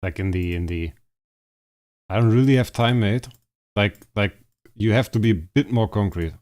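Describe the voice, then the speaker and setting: Hoarse low-voiced male game streamer. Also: normal speed. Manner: excitable, frets over a rival player, talks to chat. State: hoarse, strained voice. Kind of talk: live gaming stream commentary.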